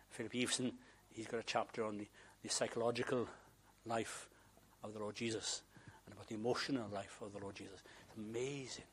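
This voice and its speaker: A man preaching an emotional sermon who swings from raised emphasis to hushed whispers. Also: lowish voice, a little hiss or hum.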